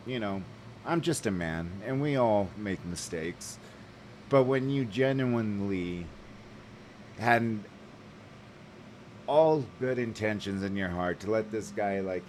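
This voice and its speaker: A man's voice: fairly low pitch, slow pace, pauses often, a little hiss or hum. A man telling a rambling, heated story to camera, swearing freely and full of fillers. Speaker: vlogger. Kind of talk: casual rant to camera.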